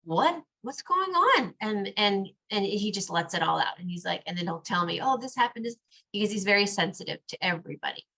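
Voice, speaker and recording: A mother talking in a casual podcast conversation, lively, acting out bits of quoted dialogue as she goes. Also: medium pitch, fast, vocal fry.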